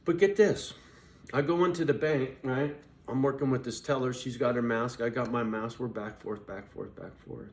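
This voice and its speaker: A man's voice: mid-range voice, steady tone, normal speed, slight background noise. Profane, rambling male vlogger. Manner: acts out both sides of conversations. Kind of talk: casual storytelling monologue.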